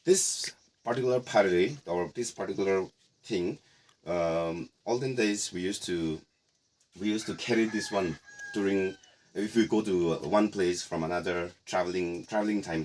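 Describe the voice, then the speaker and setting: Low-voiced man giving a tour. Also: normal speed. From Nagaland, India. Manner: relaxed, explanatory, playful asides. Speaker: tour guide. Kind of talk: casual guided tour. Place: indoor heritage house.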